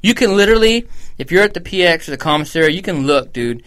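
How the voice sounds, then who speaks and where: A man's voice: high-pitched, expressive, quick pace, a bit bright. A man co-hosting a podcast, telling stories in a blunt, profane, casual way. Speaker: podcast co-host.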